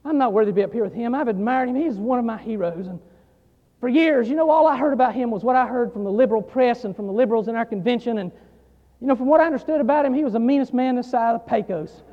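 High-voiced preacher man in an echoing hall. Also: fast talker. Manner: emphatic preaching, repeating phrases, swelling louder on key lines. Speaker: pastor. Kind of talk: sermon. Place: church sanctuary. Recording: dull sound in a long reverberant hall.

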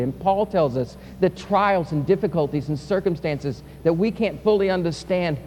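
A male pastor preaching a sermon, swinging from loud, impassioned peaks to quiet, soft passages. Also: high voice. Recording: reverberant hall with faint hum.

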